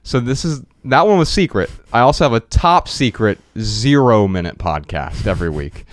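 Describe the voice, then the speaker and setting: A man's voice: medium pitch, lively intonation, normal speed, no room sound, clean studio sound. A man co-hosting a podcast in casual chat, telling jokey stories and acting out what people said to him. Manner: jokey storyteller, acts out quoted lines. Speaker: podcast co-host.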